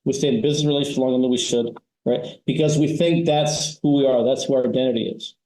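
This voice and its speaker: A man's voice: medium pitch, steady tone, fast talker, mellow, roomy sound, a little hiss or hum, low-quality recording. A man advising on family business, explaining ideas in a conversational interview and telling stories with frequent "you know" and "right?" tags.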